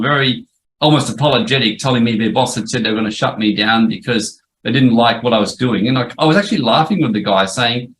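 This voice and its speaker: A middle-aged former lawyer presents a webinar course in a chatty storytelling style, often restarting sentences and saying "yep." His medium-pitched voice is a bit bright, and the recording is low quality.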